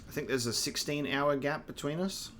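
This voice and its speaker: A man's voice: a little high, moderate pace, a bit bright, a little hiss or hum. A man with an Australian accent chatting casually while streaming a co-op game, laid-back and rambling with fillers. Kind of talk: casual co-op gaming chat.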